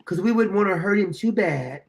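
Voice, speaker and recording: A man's voice: high voice, animated, normal speed, creaky. A man hosting a show, reacting to a courtroom video in a blunt, profane, indignant way, rambling with restarts. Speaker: show host.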